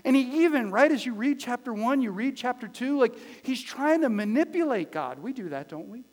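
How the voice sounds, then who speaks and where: A man, a pastor, preaching a sermon in a conversational way, swinging from loud, emphatic lines to quiet, hushed ones and repeating phrases for emphasis. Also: extremely high pitch, lively intonation, a little fast. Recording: long reverb of a large hall.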